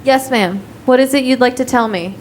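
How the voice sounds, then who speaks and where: A woman presiding as a judge in a courtroom, reading out bail conditions in a brisk, procedural way and spelling them out slowly. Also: sits high. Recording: faint room noise, heater.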